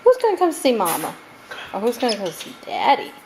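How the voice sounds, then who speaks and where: A woman's voice: wildly swooping pitch, fairly quick. Woman cooing at her pet birds. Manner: coos and coaxes the birds in high sing-song pet talk, laughs often. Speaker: parrot owner filming her birds. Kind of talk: home video chat with pet birds. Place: at home with pet parrots. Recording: home camera with loud background noise.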